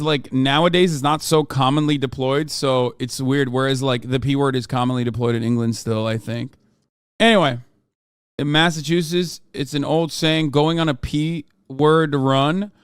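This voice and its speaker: A man from the United States, streaming and reacting to a video and chat in a profane, animated rant. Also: mid-range voice, fairly quick, clear, resonant tone, no echo, studio quality. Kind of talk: casual live-stream reaction and chat replies.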